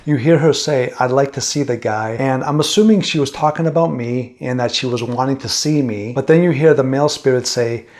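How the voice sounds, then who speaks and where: A man's voice: mid-range voice, brisk, hardly any pauses, darkish tone. A man narrating and explaining his own paranormal session recordings, interpreting what he hears. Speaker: paranormal investigator. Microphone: studio mic for narration.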